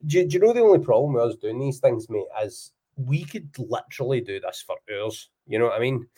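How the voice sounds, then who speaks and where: A man's voice: medium pitch, expressive, a little fast, dark tone, breathy edge. A man with a Scottish accent, hosting a casual football podcast with banter. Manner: banterous, says aye and wee. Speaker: podcast host.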